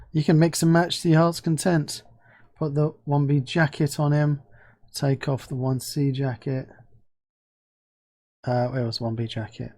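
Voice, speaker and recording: A man hosting a casual screen-recorded software review, chatty and excitable, thinking aloud as he clicks through. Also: mid-range voice. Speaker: game asset reviewer.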